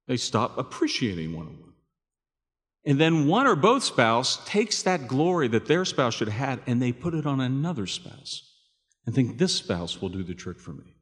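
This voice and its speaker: A man preaches to his congregation, his pitch rising and falling with a lively swing. His tone is conversational and he keeps asking the listeners questions. His voice rings out in a long reverb from the hall. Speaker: pastor. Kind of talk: sermon.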